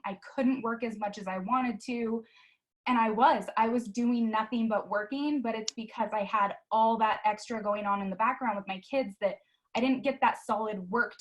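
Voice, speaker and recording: A woman's voice: mid-range voice, fairly bright tone, rough recording. A woman and mother telling her story on a video call, earnest and emotional, in a chatty conversational way. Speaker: sales team leader, guest.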